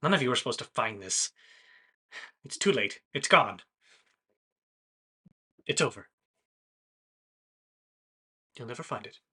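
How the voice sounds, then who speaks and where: A man voicing a secretive, cold male noble of a fey court who speaks in a hushed, guarded, curt way. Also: mid-range voice, animated, moderate pace, breathy edge, full character voice.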